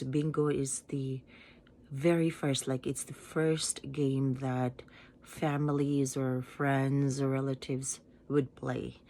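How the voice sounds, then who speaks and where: A woman's voice: rumbling low, a little mellow, a little hiss or hum. A Filipino woman vlogger chatting casually as she unboxes gifts at home, giggling and playful. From Philippines. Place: home in Japan.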